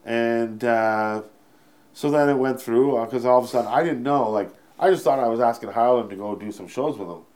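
A Canadian stand-up comedian telling a story in an interview, rambling, swearing freely and correcting himself mid-sentence. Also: male voice, medium pitch, fairly quick, a little mellow.

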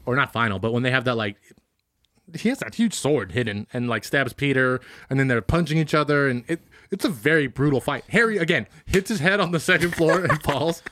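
A man casually discussing a movie, animated, laughing often and acting out lines. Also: medium pitch, brisk, no echo.

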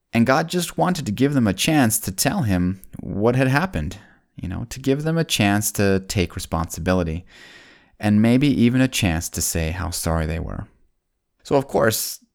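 A man narrating a Bible story for children, folksy and speaking straight to the kids, slowing down and dropping his voice on solemn points. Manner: slows down and drops low on solemn points.

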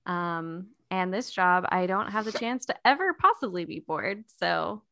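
An upbeat woman co-hosts a podcast, laughing often as she chats and reads aloud from a book. Her tone is bright and forward. The sound is dry. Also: on the low side, lively intonation, a little slow, vocal fry, no room sound. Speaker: podcast co-host. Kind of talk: casual chat and reading aloud.

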